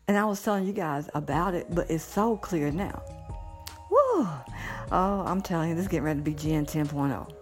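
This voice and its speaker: A middle-aged woman in a casual monologue, giddy and blunt, cursing freely and laughing often. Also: on the low side. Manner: giddy, animated, swearing freely, frequent laughter. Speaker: vlogger.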